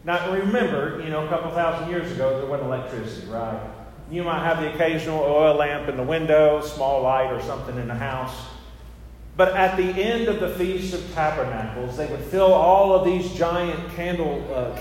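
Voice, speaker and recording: A man's voice: high-pitched, darkish tone. A male pastor giving a chatty, storytelling sermon with self-mocking asides. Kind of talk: conversational sermon. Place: church sanctuary. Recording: echoey church hall with faint noise.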